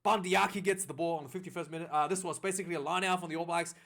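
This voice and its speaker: A man recapping a rugby match in a casual, rambling way, getting excited at big plays, with many fillers and restarts. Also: high-pitched, rapid-fire. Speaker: rugby reviewer.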